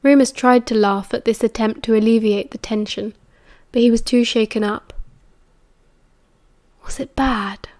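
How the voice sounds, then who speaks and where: A woman with a British accent reading an audiobook in a calm, measured way. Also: a little high. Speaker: audiobook narrator. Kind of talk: audiobook narration.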